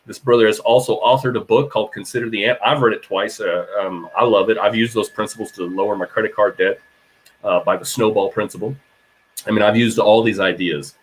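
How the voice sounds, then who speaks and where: A man's voice: fairly low pitch, slightly rough. A man hosting an interview over a video call, speaking earnestly and encouragingly to his guest. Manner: earnest, encouraging, says amen. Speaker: podcast host. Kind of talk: casual interview.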